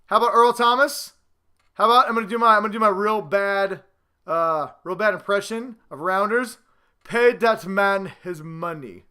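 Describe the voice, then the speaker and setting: A man hosting a casual sports vlog at home, boastful, excitable and rambling as he talks to the camera. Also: high-pitched, fairly quick, smooth. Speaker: host.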